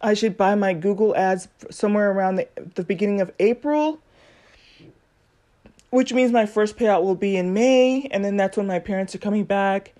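A woman's voice: mid-range voice, moderate pace, dark tone. Woman podcast host, casual solo chit-chat, chatty with plenty of ums, acts out quoted voices. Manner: chatty, many fillers, acts out quoted dialogue.

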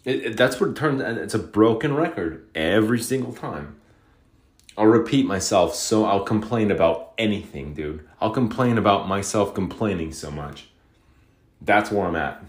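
Man from Utah, lowish voice, rambling profane solo rant, fed up. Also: lively intonation, normal speed. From Utah, USA. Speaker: podcaster.

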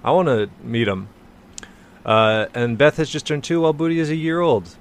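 A man's voice: mid-range voice, moderate pace, slight background noise. A man co-hosting a podcast in casual comedic chat, laughing often and mocking quotes he reads aloud. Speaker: podcast co-host.

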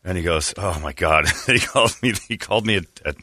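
A male radio host tells a long story in a loose, chatty way and slips into the voices of the people he quotes. His voice sits low but sounds bright, and the sound is dry and close. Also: animated, a little fast, no echo. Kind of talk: casual storytelling chat.

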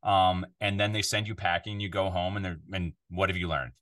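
A man from Canada with a fairly low voice talks casually as a podcast guest. He rambles, restarts his sentences and grows animated when he tells stories. He records from the control room of his home studio. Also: a little fast. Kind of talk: casual interview chat.

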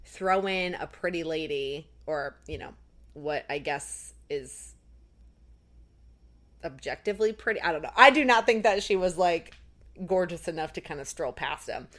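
A woman co-hosting a podcast, recapping an episode in casual chat full of "like" and quick acted-out lines. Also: sits low, a bit bright. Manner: chatty, recounts scenes with lots of "like". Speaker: podcast co-host.

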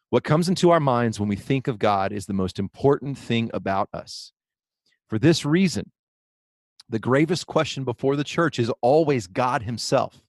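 A man's voice: medium pitch, dry recording. A man co-hosting a podcast, speaking earnestly about faith, reading quotes aloud with many fillers and restarts. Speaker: podcast co-host. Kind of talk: casual podcast talk, preaching on theology.

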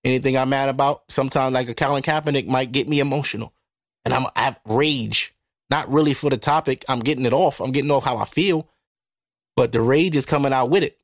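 A man hosting a podcast, talking through a casual monologue into a microphone in a blunt, profane, animated way. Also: medium pitch, fairly quick, no room sound, studio quality. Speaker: podcast host. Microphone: studio microphone.

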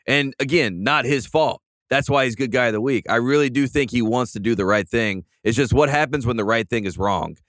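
A man's voice: medium pitch, brisk, hardly any pauses, fairly bright tone, no room sound. A man hosting a sports podcast, ranting in an emphatic, fired-up way in casual chat. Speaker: podcast host.

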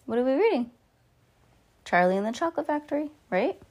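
A woman's voice: high voice, sing-song, fairly quick, a little mellow. Woman reading a storybook aloud to kids. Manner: chatty, playful asides to a child. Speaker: podcast host reading to kids. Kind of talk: reading a children's book aloud.

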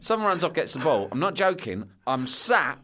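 A middle-aged man telling a funny school story in casual chat, animated and swearing freely. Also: on the high side, normal speed.

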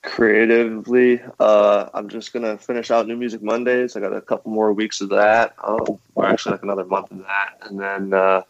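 A man's voice: fairly low pitch, little pitch movement, normal speed, few pauses, no echo, highs cut off. A man who is a rapper, chatting casually as a podcast guest, laid-back and swearing freely. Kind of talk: casual interview chat.

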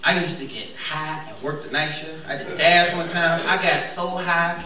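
A young man with a high voice works through a stand-up set and jumps into sudden character voices. He is heard from some distance in a very echoey club. A crowd laughs loudly all around him. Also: normal speed. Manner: animated, acts out characters with big pitch jumps. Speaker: stand-up comedian. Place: comedy club stage before a laughing crowd. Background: audience laughter.

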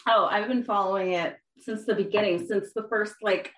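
A woman's voice: mid-range voice, fairly even intonation, normal speed, fairly bright tone. A woman in her twenties co-hosting a podcast, blunt and laughing, swearing casually. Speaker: podcast co-host. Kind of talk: casual chat. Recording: roomy, off-mic.

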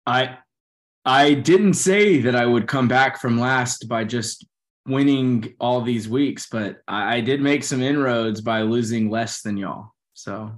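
A man co-hosting a casual sports podcast, sarcastic and starting his sentences haltingly. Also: mid-range voice. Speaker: podcast co-host.

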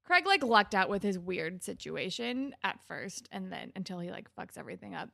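A young woman with a gravelly, fry-heavy voice talks through a TV episode in loose, sarcastic chat full of "like". The sound is dry and close, with no room around it. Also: mid-range voice, big pitch swings, normal speed, sharp tone, no echo. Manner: chatty, sarcastic, heavy use of "like". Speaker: podcast co-host. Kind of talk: casual chat recapping a TV episode.

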